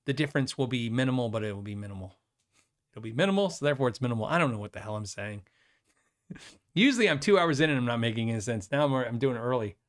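A man hosting a live guitar show, chatting casually and rambling, with fillers and quick self-deprecating laughs. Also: mid-range voice, expressive. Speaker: host of a guitar livestream. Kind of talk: casual live chat reading viewer questions.

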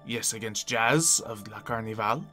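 A man's voice: lowish voice, sharp tone, soft background music. A man playing his character in a Minecraft roleplay, speaking formally and measuredly. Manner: formal, measured, often addresses the other by name. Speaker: roleplay player.

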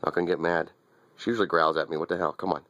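A man's voice: sits low, steady tone, very fast, a bit bright, no room sound, highs cut off. A man giving a wry, teasing running commentary as he films his little dog, often repeating himself. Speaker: dog owner filming his pet. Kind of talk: casual running commentary to camera.

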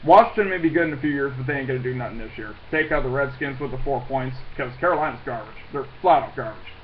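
A man's voice: medium pitch, fast, highs cut off, slight background noise. A man giving his weekly football picks, blunt and scornful, swearing and restarting as he goes. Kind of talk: casual ranting sports predictions.

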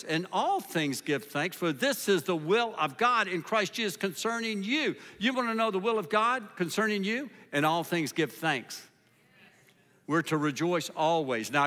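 A man's voice: on the high side, fairly bright tone. A man preaching to a church crowd in a large auditorium, calling out to the congregation as he teaches. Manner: addresses the crowd as church, exhorting. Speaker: guest preacher. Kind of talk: sermon. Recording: reverberant hall sound.

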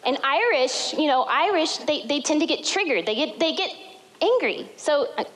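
A woman pastor preaching a sermon to a congregation, telling stories with lively, dramatic retellings. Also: high voice, moderate pace, low-quality recording. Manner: animated storytelling with dramatic retellings.

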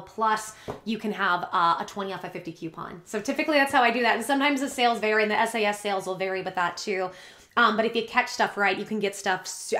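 A woman's voice: medium pitch, a bit bright. Tearful woman rambling earnestly. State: close to tears. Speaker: YouTuber. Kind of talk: emotional confessional vlog.

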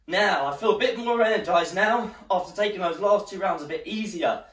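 Man, fitness instructor, encouraging, slightly out of breath, fairly high voice, echoey room. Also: fairly quick, a bit bright. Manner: encouraging, counts down rounds while exercising. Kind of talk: live workout class instruction. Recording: roomy echo, distant mic.

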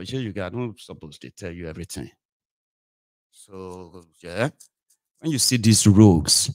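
A man with a Nigerian accent hosting a live political talk show, animated, switching between English, Pidgin and Yoruba with mocking asides. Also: lowish voice, no echo, clean studio sound. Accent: Nigerian, Yoruba-inflected. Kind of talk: live solo political commentary.

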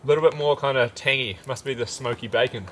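A man's voice: medium pitch, quick pace. Chatty man camping in heavy rain. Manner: chatty and upbeat, talks while eating. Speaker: outdoor vlogger. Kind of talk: casual camping vlog. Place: outdoors at a campsite under a shelter in rain. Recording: heavy rain noise outdoors. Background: steady rain and fire crackle.

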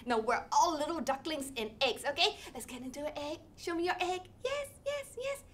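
A woman leading an interactive children's storytelling session, animated and sing-song, with playful sound effects. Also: high-pitched, a little fast. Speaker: storytelling workshop leader.

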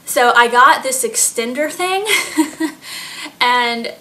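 A woman's voice: fairly high pitch, slow, bright, forceful tone. A pregnant woman in her late twenties chatting casually to her vlog audience, giggling often and filling her talk with fillers. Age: late 20s. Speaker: vlogger. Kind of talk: casual chat.

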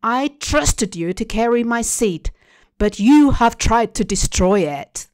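A woman's voice: fairly high pitch, takes it slowly, creaky, darkish tone, dry recording. A woman voicing a fierce, passionate mother. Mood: raging. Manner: raging then tearful, intense.

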